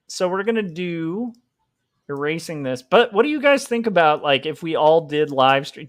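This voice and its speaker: Guy drawing comics on stream, jokey rambly chat, slightly high voice, dry close sound. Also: a bit bright, clear, resonant tone, no echo. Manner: joking, rambling, self-mocking. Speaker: livestream host, comic artist. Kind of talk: casual livestream chat while drawing.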